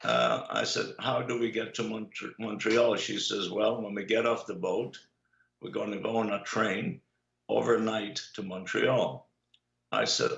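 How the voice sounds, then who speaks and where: In an interview, an older guest who is a Holocaust survivor recounts lengthy anecdotes at a relaxed pace, often halting on "uh." His voice is low, gravelly and a bit bright. The audio has the echoey, dull quality of a lo-fi room capture.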